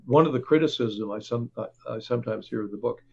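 A man with a gravelly, slightly husky voice talks as an interview guest about a book he wrote. He speaks haltingly, repeating words and stopping to restart his thoughts. The sound is a little dull and lo-fi. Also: mid-range voice. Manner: halting, many fillers and restarts. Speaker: author and reporter.

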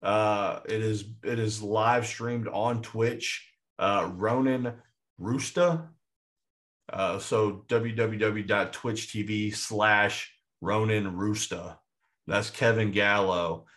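A man co-hosting a movie podcast in casual chat, excitable and rambling with frequent restarts. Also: lowish voice, slow. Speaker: podcast co-host.

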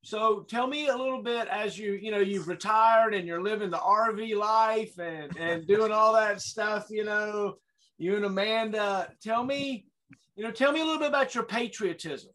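A man hosting an interview, a former first sergeant, asking measured, sympathetic questions. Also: high-pitched, bright, forceful tone, slight background noise. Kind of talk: conversational interview.

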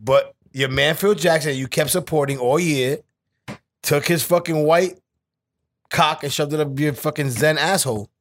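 A man's voice: on the high side, normal speed, a little hiss or hum. A young man co-hosting a casual podcast chat, teasing his partner and launching into profane sports rants. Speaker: podcast co-host.

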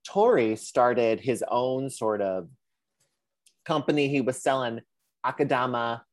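A man co-hosting a casual podcast, talking in an animated and loose way, with cursing and playful sassy voices when he quotes people. His voice sits at a middle pitch, and the close mic gives a dry sound with no room echo. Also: unhurried. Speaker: podcast co-host.

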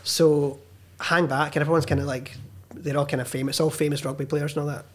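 A young Scottish filmmaker on a podcast tells a story fast, his voice on the high side with a level tone. He recounts it animatedly in casual chat, swearing freely and acting out the quotes.

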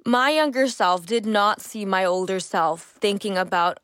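A woman's voice: mid-range voice, measured pace, hardly any pauses, fairly bright tone, dry recording. Candid young woman podcaster, dry sound. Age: 20s. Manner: candid, reflective, self-talking with restarts. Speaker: podcast host. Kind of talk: casual solo podcast monologue.

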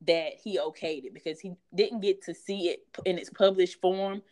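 A woman's voice: on the low side, normal speed, darkish tone. A woman guest author talking candidly in an interview, chatty and frank, with many fillers.

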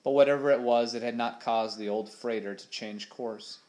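Man, audiobook narrator, steady expressive storytelling, adventure novel. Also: medium pitch, normal speed.

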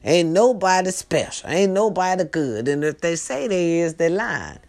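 A woman hosting a casual monologue for a live stream, talking straight to her viewers with loud outbursts and hushed asides. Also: on the low side, animated, moderate pace. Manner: tag questions, talks straight to her viewers. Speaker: host.

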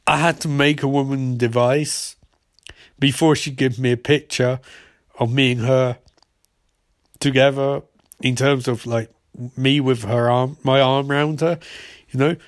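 A man's voice: mid-range voice, steady tone, unhurried, pauses often, no echo, clean studio sound, natural voice. A man casually voicing an awkward, rambling young tech whiz in a TV recap. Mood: sheepish.

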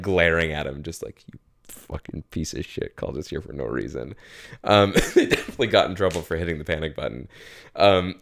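A man's voice: a bass voice, creaky. A man co-hosting a casual podcast, retelling a story with swearing and acted-out quotes. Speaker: podcast co-host.

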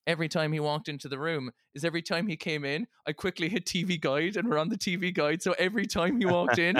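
A young Irish man hosting a podcast, telling jokey nostalgic stories in a casual, animated way. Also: on the high side, quick pace, no room sound, studio quality. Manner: animated, jokey, slips into exaggerated voices for quotes. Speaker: podcast host. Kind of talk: casual chat, nostalgic storytelling.

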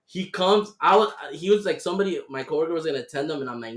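A young man hosting a casual podcast chat, telling animated stories full of swearing. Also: on the high side, fast talker, hardly any pauses. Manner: animated storytelling with heavy swearing. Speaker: podcast host. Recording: roomy echo.

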